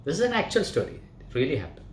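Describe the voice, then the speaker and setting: A man's voice: fairly high pitch, wildly swooping pitch, fast talker, slight background noise. A yoga teacher, a man, telling a story to his class in a chatty way, often checking in with them. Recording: roomy echo.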